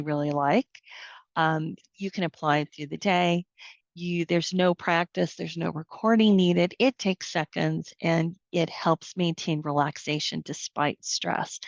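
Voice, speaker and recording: Calm woman guiding slow breathing. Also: low-pitched, vocal fry, dry recording. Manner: calm, slow guided-relaxation delivery. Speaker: presenter at a professional symposium. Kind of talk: conference talk and guided breathing exercise. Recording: dry, dull lo-fi session recording.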